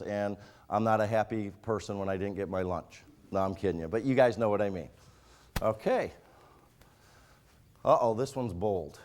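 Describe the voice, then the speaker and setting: A man from Michigan with a rural Michigan accent, running a software training class in a casual, joking way and speaking straight to the group. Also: mid-range voice. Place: training room with an audience.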